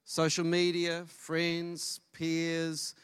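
A middle-aged man preaching a sermon as pastor, lively and storytelling, acting out dialogue. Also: fairly high pitch, very slow, clean tone, no room sound, studio quality. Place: church service.

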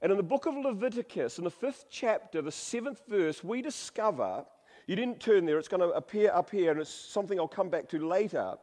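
A high-pitched, animated man with a darkish tone preaches a sermon at a brisk clip. He reads scripture dramatically, shifts his voice for quotations, and jokes with the congregation, all under long hall reverb.

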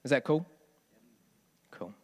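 A man preaching a sermon in a conversational way, often asking the congregation questions. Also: slow pace. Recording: long hall reverb.

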